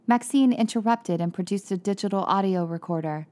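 A woman reading a story aloud in an even, measured narration. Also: medium pitch. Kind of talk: audiobook narration.

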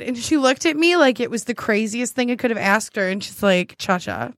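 Animated woman telling a funny story. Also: a little high, a little fast, no room sound, clean studio sound. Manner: animated storyteller, laughs often. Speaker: podcast host. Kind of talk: casual chat.

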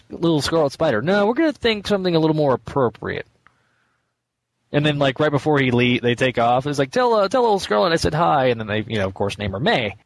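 An eager man co-hosting a casual comic book podcast, his voice sitting at an ordinary middle pitch. He stumbles and restarts often, laughing as he goes. He speaks with plain, easygoing enthusiasm. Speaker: podcast co-host.

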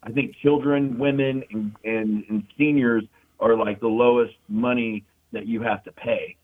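A man's voice: mid-range voice, steady tone. A man telling war stories in casual, profane talk, full of fillers and repeated "you know what I mean". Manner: casual, profane, fast storytelling with frequent fillers. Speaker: military veteran guest. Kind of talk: casual storytelling. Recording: tinny phone-like sound.

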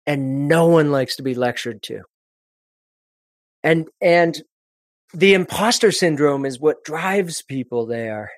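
A man with a slightly high voice talks through presenting in an animated, expressive way, often restarting his sentences mid-thought. His voice is recorded dry and close, with no room sound around it. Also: slow pace, pauses often, no room sound. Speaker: presentation coach guest. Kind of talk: conversational podcast interview.

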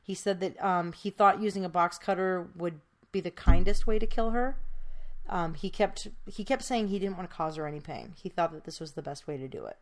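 A woman's voice: on the low side, fairly quick. A woman podcast host telling a true crime case in casual, chatty storytelling, with many fillers.

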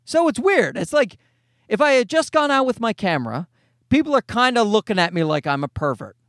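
A man in his forties, a comedian hosting his own podcast, telling a profane, animated story in a casual solo monologue. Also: high voice, brisk, no room sound, studio quality. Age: 40s.

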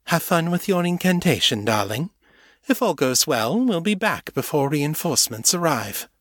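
A man's voice: a little high, big pitch swings, normal speed, fairly bright tone, dry recording, clean studio sound, voice pushed up. A man putting on a teasing young demon woman. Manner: teasing, playful.

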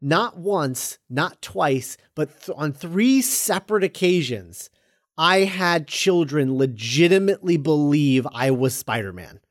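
Young male storyteller, high voice, animated, acts out quotes. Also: slow pace. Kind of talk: casual storytelling chat.

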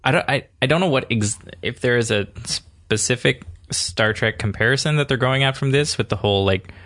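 A man's voice: medium pitch, a little fast, fairly bright tone. Amused man chatting as podcast guest. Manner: amused, chuckling while he retells scenes. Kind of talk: casual podcast chat.

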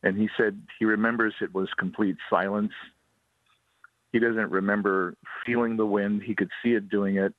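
Brief: storyteller, lower voice, steady pace, tinny dry phone line. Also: male voice, normal speed, no room sound. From Hawaii. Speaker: ghost tour guide, guest. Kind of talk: ghost story telling on radio.

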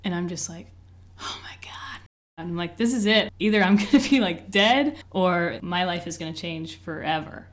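A young woman tells a personal story in an interview. She talks candidly and chattily, with lots of "like" and "you know". Her voice sits a little low for a woman. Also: normal speed, hardly any pauses. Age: 20s. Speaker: interview guest.

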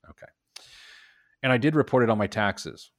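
A man with a mid-range voice hosts a personal finance show at normal speed, reading news items with playful emphasis and trading jokes with his co-host. His animated, jokey delivery fits the casual radio banter, and the recording is dry and studio quality.

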